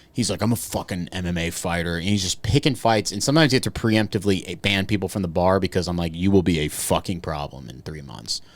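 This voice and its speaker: A man's voice: on the low side, no room sound. A man on a comedy podcast telling a rambling, profane story with bits of hardboiled noir voice. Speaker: podcast co-host.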